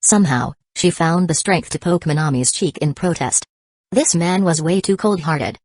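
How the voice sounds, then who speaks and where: A woman narrating a romance novel audiobook in a measured, even storytelling voice. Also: sits low, no echo. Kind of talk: scripted narration.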